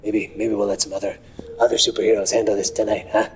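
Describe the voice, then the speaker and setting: A man's voice: on the low side, little pitch movement, quick pace, slight background noise, close to an everyday voice. An actor playing a nervous, evasive rich male superhero in a comedy sketch, fumbling his words. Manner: fumbling, awkward laughs. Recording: faint music behind.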